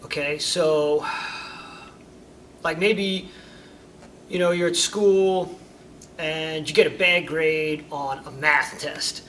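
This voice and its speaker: An animated karate instructor talks casually to his students and acts out little scenes as he goes. His voice is high and bright, and it sounds a bit distant from the mic. A faint hiss sits behind it. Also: takes it slowly, long pauses. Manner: animated storyteller, acts out examples. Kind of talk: informal talk to students. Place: karate school.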